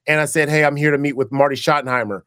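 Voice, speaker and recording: Quick-paced and slightly high-voiced, this ex-pro football player now in broadcasting spins stories in a relaxed interview. He performs quoted dialogue with animation and frequently starts sentences over, and the recording is clean, dry, and close with no room sound.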